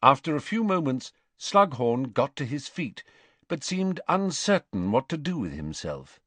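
A man narrating a fantasy novel in a measured, expressive way. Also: medium pitch, no echo. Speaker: audiobook narrator. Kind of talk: scripted narration.

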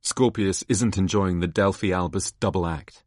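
A man's voice: deep voice, measured pace, a little mellow, slightly rough, dry recording, clean studio sound. A man reading stage directions aloud in a plain, matter-of-fact way. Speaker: narrator.

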